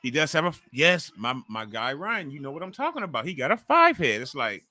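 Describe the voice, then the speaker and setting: Brief: bright, dry-sounding man in his forties, livestream host, excitable and cursing, talks over the action. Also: a little high, brisk, no room sound, faint music behind. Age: 40s. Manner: loud, profane and excitable, reacting to the action. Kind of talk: live commentary while watching wrestling.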